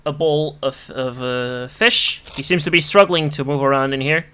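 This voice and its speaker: Male DM, slightly high, clear voice, halting delivery full of ums and restarts. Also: pushed and bright. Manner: hesitant, many restarts and fillers. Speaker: game master. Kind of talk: narrating a tabletop game online.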